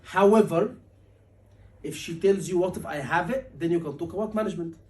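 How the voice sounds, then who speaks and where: A man teaching a surgery exam class, animated and asking his students questions often, acting out patient lines. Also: high-pitched, a little fast. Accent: Liverpool. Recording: voice from a distance.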